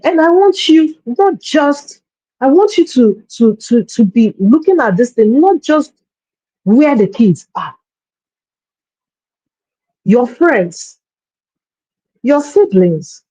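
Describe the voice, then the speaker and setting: A woman's voice: a little high, sing-song, takes it slowly, pauses often, warm tone, slightly rough, dry recording, poor audio. A woman coaching parents in a workshop talk, speaking earnestly and often repeating words as she searches for her phrasing.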